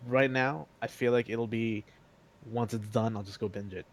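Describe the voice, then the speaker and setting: A man co-hosting a casual podcast chat, explaining his view in a measured way. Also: medium pitch, steady tone. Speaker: podcast co-host.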